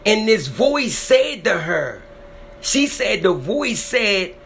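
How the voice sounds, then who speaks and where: A man's voice: high-pitched, sing-song, takes it slowly, gravelly, fairly bright tone, slight background noise. A man retelling someone's frightening encounter in an emotional, dramatic way, often repeating himself. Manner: dramatic, repetitive, voice swells when emotional. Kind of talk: emotional spoken storytelling.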